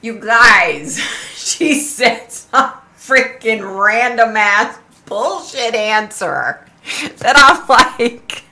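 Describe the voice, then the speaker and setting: A woman's voice: on the high side, extremely slow. A middle-aged woman hosting a psychic livestream, telling a story in casual chat, laughing a lot and acting out what other people said. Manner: animated, laughing, mimics others.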